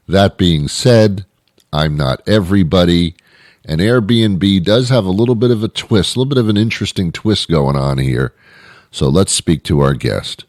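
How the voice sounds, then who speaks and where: Low-voiced male talk radio host. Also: expressive, moderate pace, a little mellow, no room sound, studio quality.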